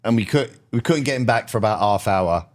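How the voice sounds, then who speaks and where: A man's voice: on the low side, lively intonation, fairly quick. A man, chatting on a podcast with laid-back banter. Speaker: podcast co-host. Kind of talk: casual chat.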